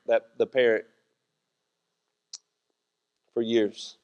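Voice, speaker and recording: A middle-aged pastor with a drawl preaches in a loose, joking, conversational way, breaking into quick voiced asides. His voice sits high for a man. A long church reverb hangs behind his words. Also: lively intonation, highs cut off. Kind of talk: sermon. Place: church sanctuary.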